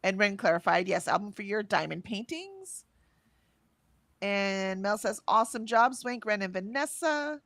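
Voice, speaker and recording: A woman co-hosts a casual livestream, reading viewers' messages aloud and chatting between them. Her voice sits at an ordinary middle pitch and lifts brightly on cheers. The sound is dry and close, with little room around it. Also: lively intonation, a little slow, no echo. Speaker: livestream co-host reading chat.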